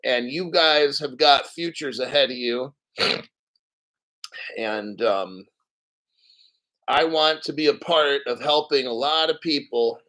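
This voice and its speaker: Slow and forceful, pausing often, this man's bright, mid-range voice comes through poor audio as he hosts a crypto livestream. Slightly out of breath, he rants bluntly and profanely while reading viewer comments, mocking people in exaggerated put-on voices.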